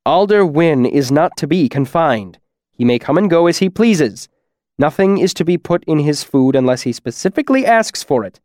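A man voices an eccentric, grim university master who gives sharp orders. His voice sits a little above the narrator's own. The audiobook reading is dry and close. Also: fairly high pitch, lively intonation, normal speed, no echo, voice pushed up, close to an everyday voice. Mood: stern. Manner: commanding, clipped orders. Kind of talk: audiobook character voice.

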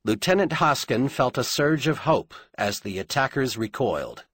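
Husky man narrating an audiobook. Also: mid-range voice, sing-song, fairly bright tone, dry recording, studio quality. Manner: dramatic, measured storytelling.

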